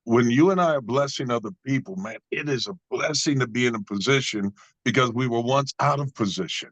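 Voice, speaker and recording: A man's voice: medium pitch, brisk, a bit bright, no echo, low-quality recording. Male guest, earnest storyteller with sermon-like cadence; dead-dry close recording. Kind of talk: storytelling in a conversation.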